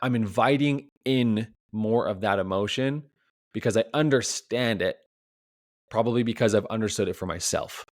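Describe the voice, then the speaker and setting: A man's voice: lowish voice, normal speed, no echo, studio quality. A man as a relationship coach, giving a reflective solo podcast talk full of rhetorical questions, often tagged with "right?".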